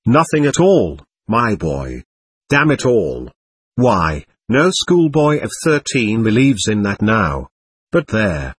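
A mocking, worldly young seminarian with an ironic, teasing manner, as a man reads him. His husky voice moves lively up and down on a dry recording. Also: lowish voice, slow pace, no room sound, heavily acted.

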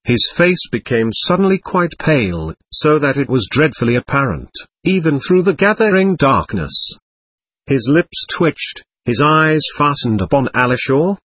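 A man reading an audiobook of a classic novel in an expressive storytelling manner. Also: medium pitch, unhurried, no room sound. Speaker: audiobook narrator. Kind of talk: scripted narration.

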